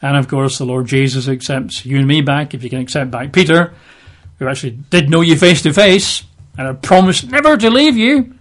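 Male Bible teacher, conversational sermon, a touch high-pitched, wry. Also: lively intonation, a little fast. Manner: chatty, wry asides between scripture readings.

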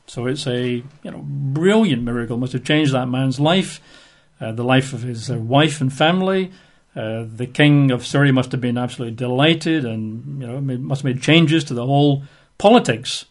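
A man's voice: mid-range voice, normal speed. A man preaching a sermon, reading and retelling a Bible story with chuckles and chatty asides.

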